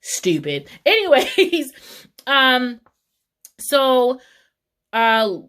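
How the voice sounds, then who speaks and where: A woman's voice: high-pitched, very animated, drawn-out words, fairly bright tone, clear, resonant tone. A woman giving a casual, opinionated TV episode recap in heated, slangy talk. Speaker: TV recap vlogger.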